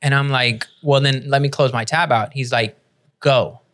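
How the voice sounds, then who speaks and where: A man hosting a casual podcast, telling a story in an animated, profane way and laughing as he goes. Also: medium pitch, moderate pace. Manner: animated, profane storyteller who laughs through his stories. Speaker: podcast host.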